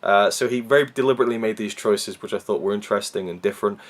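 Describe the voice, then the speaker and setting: A man's voice: fairly low pitch, fast. A man from Wales with a Welsh accent, reviewing a film in a casual, rambling way with many fillers and restarts.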